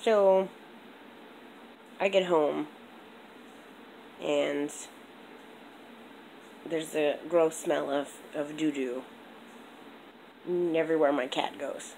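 A young woman chatting on a home vlog, rambling and animated, with a congested throat. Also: sits low, drawn-out words, pauses often, a little hiss or hum, low-quality recording. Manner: rambling, animated storytelling with lots of "like". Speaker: vlogger. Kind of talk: casual vlog chat.

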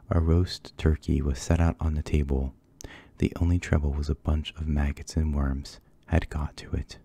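A man reading a spooky children's book aloud in a soft-spoken ASMR style, hushed and sometimes whispering. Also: rumbling low, husky, no echo. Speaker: ASMR storybook reader.

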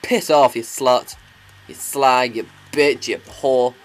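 A man's voice: mid-range voice, steady tone, slow. A man giving crude, sarcastic commentary while playing a video game. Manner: crude, sweary, sarcastic ranting. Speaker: let's play commentator.

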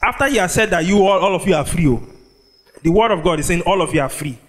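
Animated preacher man. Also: high-pitched. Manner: call-and-response preaching, asks the congregation to fill in words; animated, draws out scripture phrases slowly. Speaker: pastor. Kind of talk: sermon. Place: church.

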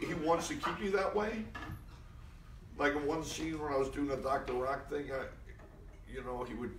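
A guest actor with a slightly high male voice tells anecdotes at a live interview event before an audience. His delivery is loose, full of restarts and swearing, and he acts out the people he quotes. The mic sits at a distance in an echoey room, with slight background noise.

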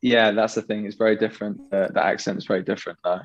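A young man with an English accent, chatting casually as an interview guest, relaxed and hesitant with many fillers. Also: on the low side, fast talker, dry recording, dull audio. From England. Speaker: professional goalkeeper guest.

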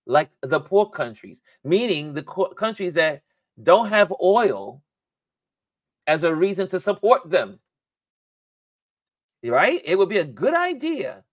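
A man's voice: medium pitch, no echo. Chatty male livestream host, dry sound. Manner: rambling, thinks aloud, laughs often. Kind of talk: casual livestream chat.

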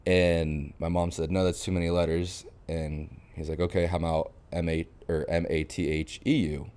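His deep voice is clear and resonant, moving at a moderate pace. A young Floridian and baseball catcher, he's a podcast guest in a casual interview, animatedly telling stories and acting out what others said.

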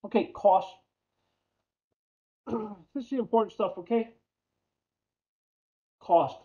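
A man's voice: high voice, slow pace, warm tone. New York man lecturing on accounting. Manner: chatty, asks the class questions, repeats key terms. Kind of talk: classroom lecture. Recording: dull lo-fi lecture audio.

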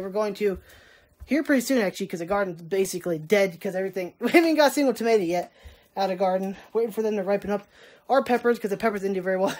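A woman's voice: medium pitch, darkish tone. Rambling woman vlogging from her garden. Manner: chatty, rambling, laughs often. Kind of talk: casual vlog chat. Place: outdoors in a backyard garden.

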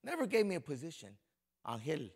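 A middle-aged man preaching a lively, folksy sermon as a pastor, joking with the congregation and swinging between soft and loud. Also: a little high, moderate pace, vocal fry. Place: church sanctuary before a congregation.

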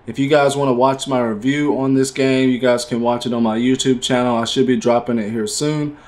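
A man's voice: mid-range voice, a little fast. Casual young male gaming streamer. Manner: relaxed, chatty, says "man" often. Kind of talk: casual livestream outro chat.

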